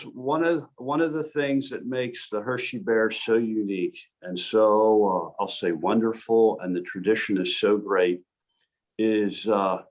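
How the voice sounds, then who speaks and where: Man, referee guest speaker, anecdotal storytelling, animated, video call mic. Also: fairly low pitch. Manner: animated, anecdotal, frequent restarts. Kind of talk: storytelling presentation.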